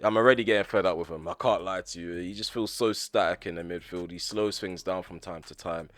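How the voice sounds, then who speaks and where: A man commentating on his own football video game, quick to rant at the referee. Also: sits low, steady tone, a bit bright, no echo. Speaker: gaming YouTuber. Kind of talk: live gameplay commentary.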